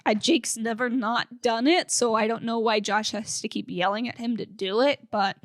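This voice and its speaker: Chatty, high-voiced young woman podcast host. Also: steady tone, moderate pace, no room sound, studio quality. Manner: chatty and upbeat, lots of "like" fillers. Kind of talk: casual fan podcast chat.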